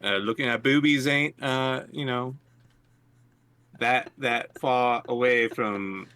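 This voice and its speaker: A man's voice: mid-range voice, takes it slowly, pushed and bright. A man voicing a folksy male adventurer with a Southern US accent. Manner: drawling, folksy.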